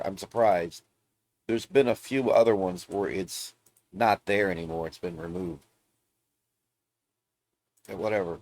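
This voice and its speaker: Male gaming vlogger, low-ish voice, blunt rambling ranter who swears freely. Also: darkish tone, no echo. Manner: blunt, profane, rambling rants. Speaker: gaming video host. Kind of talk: casual ranting vlog commentary.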